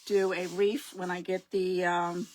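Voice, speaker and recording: A woman's voice: fairly low pitch, little pitch movement, measured pace, a little mellow, slight background noise. A middle-aged woman hosting a casual live craft stream, rambling and chatty, often losing her words and greeting her viewers.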